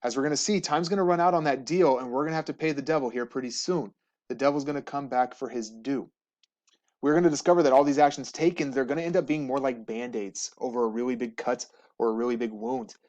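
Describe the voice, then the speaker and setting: A man teaching history, giving a relaxed, joking slideshow lecture to students. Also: mid-range voice, fast talker. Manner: casual, jokey, asks students questions. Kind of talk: recorded classroom lecture over slides.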